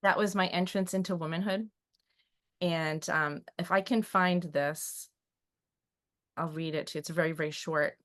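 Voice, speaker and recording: Emotional, hesitant woman with a low voice. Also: steady tone, moderate pace, long pauses, a bit bright. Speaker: guest. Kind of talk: personal conversation and poem reading.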